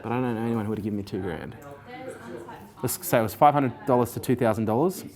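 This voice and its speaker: A man in his forties, a guest in an interview, telling his life story casually, animated and swearing freely while acting out what others said. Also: mid-range voice, quick pace. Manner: animated, swears freely, acts out quoted people.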